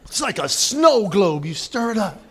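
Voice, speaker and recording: High-voiced man telling jokes. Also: very animated, moderate pace, husky. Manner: folksy storytelling with comic asides. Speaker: banquet speaker. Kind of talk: humorous after-dinner speech.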